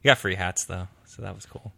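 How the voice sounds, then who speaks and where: A man's voice: sits low, a little fast, gravelly, bright, forceful tone, no echo. A man in a casual chat, easygoing and often answering briefly. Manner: easygoing, short replies.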